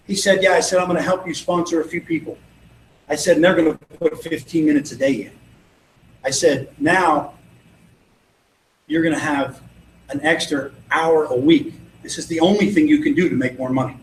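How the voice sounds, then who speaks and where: At an event venue, a network marketing trainer delivers a motivational sales training talk, confidently and persuasively telling stories and voicing both sides of each conversation. His voice is high and a bit bright, and the room sounds echoey with faint noise.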